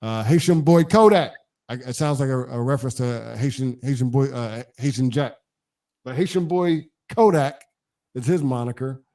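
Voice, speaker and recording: A man with a mid-pitched voice, co-hosting a casual live-streamed chat. He speaks in a laid-back, halting way, often restarting his sentences. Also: mellow. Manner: hesitant, many uh fillers and restarts, laid-back. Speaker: co-host.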